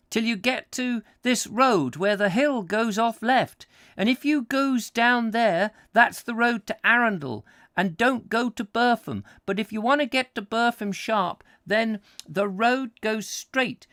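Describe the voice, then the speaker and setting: Man doing a squeaky high little country urchin. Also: a bit bright, no echo, studio quality. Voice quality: very high, breathless run-on chatter. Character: high-voiced rambling country boy urchin.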